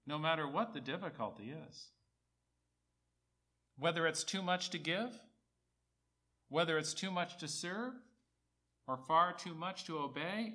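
A man delivers a sermon in a raised voice, his pitch swinging widely from high to low. He hammers home key phrases by repeating them. He rises on quoted words and drops low for asides. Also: sharp tone. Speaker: preacher.

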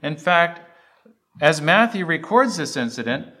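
Slow, lively-voiced male preacher. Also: on the high side. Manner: animated, rising emphatic questions and scripture recitation. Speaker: pastor. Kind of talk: sermon.

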